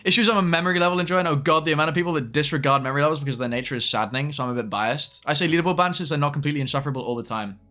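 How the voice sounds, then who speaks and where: A young man chats casually on a live stream, firing off quick asides to his viewers. His slightly high voice comes across bright and forward, with faint music playing in the background.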